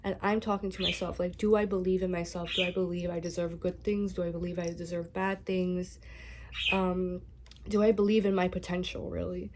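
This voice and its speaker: A woman singer-songwriter talking candidly and softly to camera from her bedroom, open about her feelings. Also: fairly low pitch, flat delivery, normal speed, background noise. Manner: soft-spoken, candid, emotional. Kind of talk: casual talk to camera.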